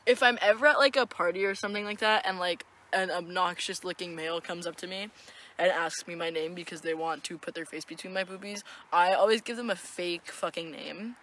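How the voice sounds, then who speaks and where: A woman's voice: fairly low pitch, fairly quick, fairly bright tone. A young woman co-hosting a podcast, chatting casually in a rambling, profane way and giggling often. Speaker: podcast co-host. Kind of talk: casual chat.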